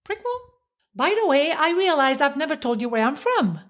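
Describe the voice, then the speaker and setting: A woman from French-speaking Switzerland with a Swiss French accent, hosting a motivational podcast in a playful, encouraging way and slowing down to stress key words. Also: high-pitched, animated. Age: middle-aged. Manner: playful and encouraging, with dramatic slowed emphasis. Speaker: podcast host.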